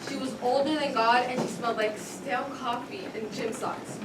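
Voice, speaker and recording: Woman narrating a school play story, high voice, wry and dramatic, echoey stage from far with loud noise. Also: steady tone, normal speed. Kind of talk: stage narration in second person.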